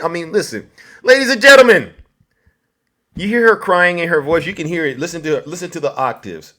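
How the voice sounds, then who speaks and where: A man's voice: on the high side, bright, forceful tone. A man hosting a live stream, giving mocking, theatrical commentary and talking straight to his chat.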